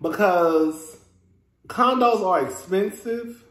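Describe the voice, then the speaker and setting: A reverberant recording captures a Texas man with a high-pitched, fairly bright voice speaking slowly. As host of a reality TV review vlog, he keeps things sassy and chatty, laughing often and addressing his audience as "girl."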